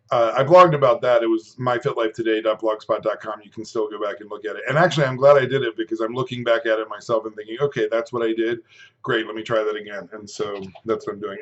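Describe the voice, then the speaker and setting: A man's voice: medium pitch, fairly bright tone, dull audio. A man in his fifties talking casually to camera while eating, chatty and rambling, stopping now and then to chew. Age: 50s. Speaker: food and fitness vlogger.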